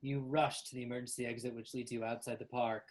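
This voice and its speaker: Relaxed woman game master, low voice, fillers and laughs. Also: fast talker. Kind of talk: narrating a tabletop game.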